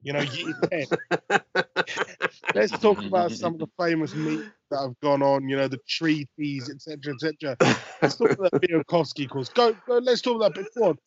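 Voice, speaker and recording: A man's voice: a little high, normal speed, muffled recording. A man co-hosting a casual football podcast, teasing the others in playful banter. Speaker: podcast co-host.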